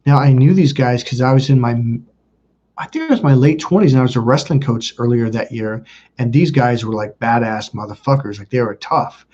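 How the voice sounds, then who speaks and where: A man's voice: medium pitch, brisk, darkish tone. A man in his thirties hosting a livestream, telling a personal story to his chat in a rambling, blunt way, swearing freely. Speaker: livestream host. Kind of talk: casual storytelling to a live chat. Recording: muffled lo-fi stream audio.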